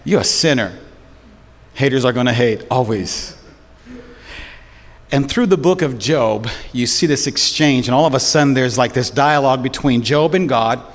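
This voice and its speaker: A man's voice: medium pitch, moderate pace. A man preaching a sermon as pastor, storytelling in casual slang and with animation. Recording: long hall reverb.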